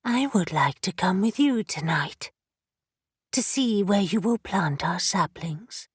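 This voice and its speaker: A woman voicing a breathy, hushed female tree spirit. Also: mid-range voice, no echo, studio quality, heavily acted. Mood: hushed, calm. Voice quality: soft, breathy. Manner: calm, hushed, slow. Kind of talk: audiobook character voice.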